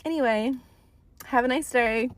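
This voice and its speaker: A woman's voice: fairly high pitch, moderate pace, noisy background. A young woman venting in an emphatic, swearing storytime rant about bad dates, talking into her phone. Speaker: TikTok storyteller. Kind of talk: ranting storytime.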